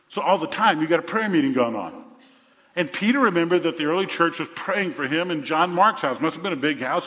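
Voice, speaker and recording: An older man preaching a sermon, telling a Bible story with animated energy and acting out the voices. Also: high voice. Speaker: pastor. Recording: echoey hall.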